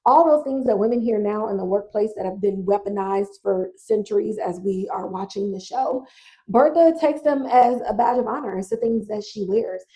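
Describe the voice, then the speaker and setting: A woman hosting a podcast, recapping a TV drama in a casual, blunt, animated way with slang and swearing. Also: medium pitch, normal speed, low-quality recording. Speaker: podcast host.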